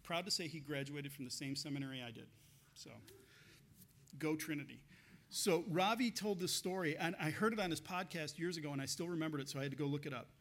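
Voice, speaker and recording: A man's voice: on the high side, a little fast, a bit bright. A man pastor giving a conversational sermon, telling stories with frequent laughs and restarts.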